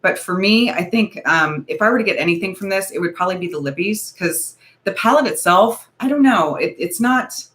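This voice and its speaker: A woman's voice: medium pitch, lively intonation, brisk, hardly any pauses, a bit bright. A woman in her forties hosting a casual beauty livestream, talking in a nervous, rambling, hedging way. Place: home, ring light.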